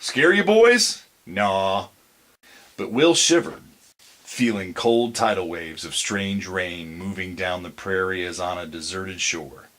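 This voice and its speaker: Slow, low-voiced male story narrator. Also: fairly bright tone. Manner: measured, deliberate storytelling. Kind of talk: bedtime story reading.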